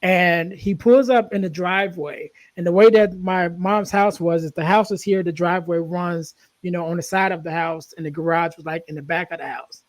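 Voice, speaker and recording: High-pitched guy rambling earnestly on a podcast, dry close sound. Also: steady tone, normal speed, hardly any pauses, no echo. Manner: earnest, rambling with many restarts and fillers. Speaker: podcast host. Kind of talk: casual conversational storytelling.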